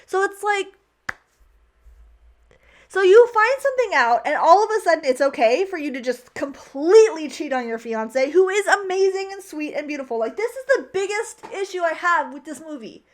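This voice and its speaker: A woman's voice: extremely high pitch, sing-song, moderate pace. A young woman recapping a movie in a casual, chatty way, opinionated and full of "like". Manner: chatty, heavy use of "like", opinionated. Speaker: vlogger.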